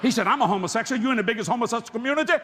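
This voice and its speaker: A male preacher, telling stories in a sermon, animated and joking, bursting into shouted emphasis. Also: very high voice, rapid-fire, a little hiss or hum. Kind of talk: sermon with storytelling.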